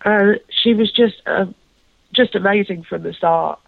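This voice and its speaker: A woman's voice: mid-range voice, a little slow, creaky, no echo. A woman chatting casually as a podcast co-host, rambling and self-deprecating, with lots of fillers and restarts. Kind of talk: casual chat recounting a convention. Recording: tinny phone-like line.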